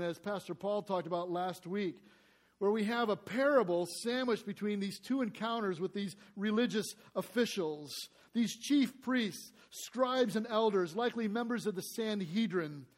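A male preacher delivering a sermon, earnest, asking the congregation rhetorical questions and reading scripture aloud with emphasis. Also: high-pitched.

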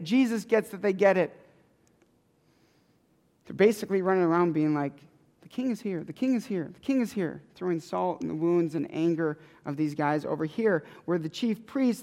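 A preacher giving a sermon in an emphatic, conversational way, with lots of repetition. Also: medium pitch. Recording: long hall reverb.

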